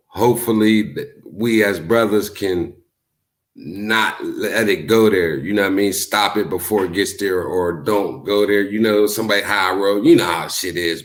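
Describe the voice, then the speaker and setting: A man hosting his own channel, talking casually to the camera in a laid-back way and often tagging on "you know what I mean.". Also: on the low side. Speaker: YouTube show host.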